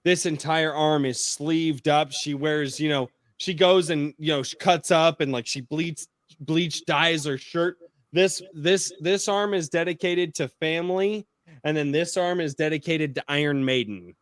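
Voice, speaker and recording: A man hosting a podcast in casual chat, telling stories in an excitable, profane way. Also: on the high side, unhurried, no room sound, clean studio sound. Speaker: podcast host.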